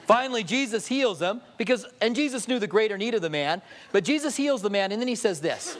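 A man's voice: very high voice, quick pace, hardly any pauses, a little hiss or hum. A male pastor preaching a sermon, telling humorous stories and acting out quotes. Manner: storytelling with jokes, lively acted-out quotes.

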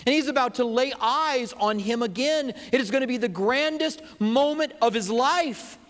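A man preaching a sermon as a pastor, an animated storyteller who drops to hushed emphasis, heard in a church sanctuary. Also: very high voice, moderate pace. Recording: long hall reverb.

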